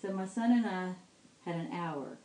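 A middle-aged woman giving a devotional talk, telling a personal story with lively quoted dialogue and laughing asides. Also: lowish voice, normal speed. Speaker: speaker sharing testimony. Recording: echoey room with faint ambience.

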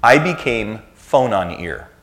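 A man's voice: on the low side, expressive, slow pace, a bit bright, a little hiss or hum. A man in his fifties, a church speaker giving a conversational sermon full of self-deprecating family anecdotes.

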